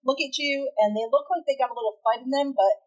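A woman's voice: high-pitched, fast, muffled recording. A woman runs a tabletop role-playing game as its game master. She narrates scenes in a loose, casual way, with fillers and restarts. She also explains the rules as she goes.

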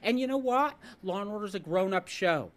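A male podcast host in casual chat, ranting and joking as he tells a story. His voice sits a little high and swings widely in pitch, rising and dropping sharply for comic effect. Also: brisk. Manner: animated, ranting, jokey storyteller.

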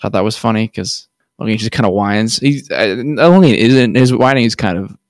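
A man's voice: lowish voice, moderate pace, dry recording, clean studio sound. A man co-hosting a podcast, recapping loosely in a casual chat with slang. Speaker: podcast co-host.

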